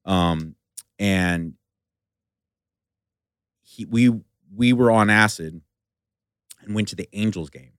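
A man's voice: on the low side, fairly bright tone, clean tone, no echo, studio quality. A man telling a rambling story in casual chat, with restarts, swearing and nervous asides. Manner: rambling, halting, profane storyteller.

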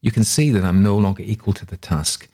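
A man's voice: lowish voice, fairly even intonation, fairly quick, dark tone. A man reading the part of a frail, sick elderly father who complains in a weak voice. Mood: fretful.

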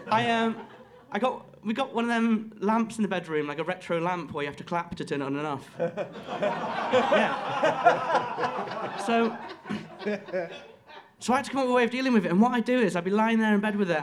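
A man with a fairly high voice tells a stand-up anecdote. His delivery is rambling and self-deprecating, with loose, chatty storytelling. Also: normal speed. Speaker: stand-up comedian.

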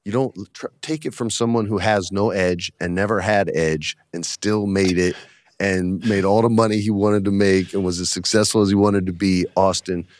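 A man in his forties, a guest on an interview show, talking casually and telling animated stories that act out the voices of the people in them. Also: sits low, moderate pace, no room sound, studio quality. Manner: animated storyteller, acts out quotes. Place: studio in Hollywood.

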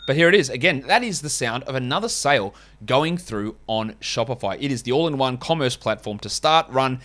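A man's voice: mid-range voice, fairly bright tone. Man, podcast host, casual and wry, rambling asides. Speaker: fantasy basketball podcast host. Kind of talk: casual podcast chat and host-read ads.

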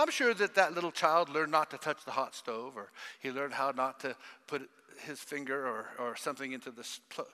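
Older male preacher, sermon, high voice, very lively pitch, long church-hall echo. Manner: animated, emphatic, questions the congregation.

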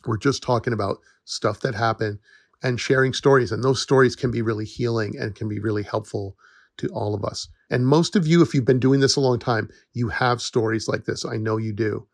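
Man, middle-aged, earnest podcast host, reassuring, mid-pitched voice, gravelly. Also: a little fast, no echo, clean studio sound. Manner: earnest, reassuring, laughs often. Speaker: podcast host, forest educator. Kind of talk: casual solo podcast talk.

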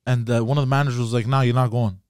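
A man's voice: medium pitch, steady tone, racing, darkish tone, clear, resonant tone, no echo, clean studio sound. Laughing, rambling male storyteller. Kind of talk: casual chat.

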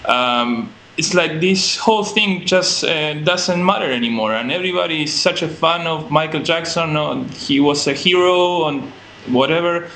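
Co-host: man with a sharp, bright voice, opinionated and hesitant, faint hiss behind. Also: on the high side, moderate pace. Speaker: podcast co-host. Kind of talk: casual podcast discussion.

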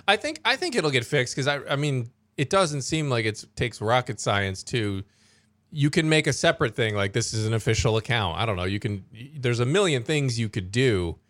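A man co-hosting a news podcast in casual chat, relaxed and conversational, steering the talk to the next story. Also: medium pitch, normal speed, no echo. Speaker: podcast co-host.

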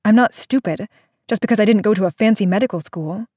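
A woman's voice: medium pitch, fast, warm tone, dry recording, studio quality, close to an everyday voice. A woman voicing a stubborn, defensive mother in an audiobook, resentful and combative. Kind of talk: audiobook character voice.

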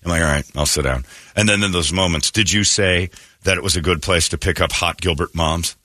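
A man's voice: sits low, brisk, bright, forceful tone, no room sound. A man hosting a radio morning show, ranting sarcastically in a talk radio monologue.

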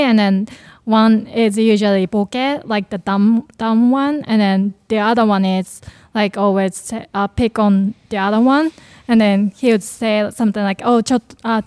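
A woman's voice: medium pitch, a little slow, a little mellow, clean tone, no echo. A woman whose first language is Japanese, explaining phrases in a casual chat with many fillers. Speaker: co-host.

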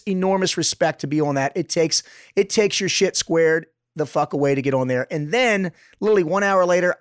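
Male podcast co-host, somewhat high voice, loose, swearing storyteller, dry mic. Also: clean tone, dry recording. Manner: rambling, profane, joking storyteller. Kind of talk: casual podcast chat.

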